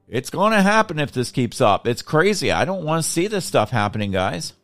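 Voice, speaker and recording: A man's voice: fairly high pitch, very animated, moderate pace, a bit bright, no echo, soft background music. A man hosting a political show, giving a frustrated, indignant monologue and rallying listeners. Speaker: political podcast host. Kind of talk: angry political commentary monologue.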